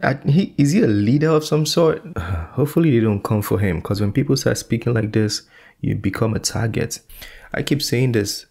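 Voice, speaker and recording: A man's voice: mid-range voice, moderate pace, vocal fry, slightly rough. A man giving casual, thoughtful reaction commentary, full of fillers. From Nigeria. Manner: relaxed, thoughtful, filler-heavy. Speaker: reaction channel host.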